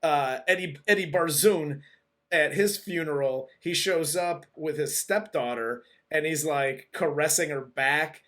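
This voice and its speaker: Male co-host, slightly higher voice, loose rambling recap style. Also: a little slow, fairly bright tone. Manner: rambling, loose recap with frequent restarts and laughs. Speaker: podcast co-host. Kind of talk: casual movie review chat.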